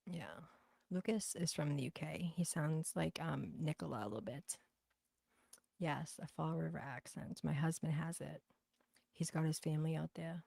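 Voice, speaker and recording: A deep, gravelly woman with a thick Boston accent hosts a casual livestream, chatting bluntly with viewers and swearing freely. Her voice is mellow and low, and the recording is dry and close with no room echo. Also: moderate pace. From New Bedford, Massachusetts. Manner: blunt, profane, chatty, gossipy. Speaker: livestream host. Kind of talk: casual livestream chat reading viewer comments.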